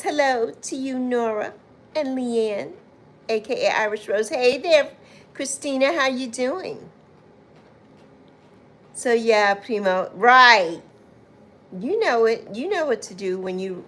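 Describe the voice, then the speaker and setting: A woman chats unhurriedly with viewers on her livestream. Her voice sits a little high and her pace stays slow. She greets people by name with easy endearments. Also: lively intonation. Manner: warm, chatty, calls viewers "my love" and "honey". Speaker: livestream host.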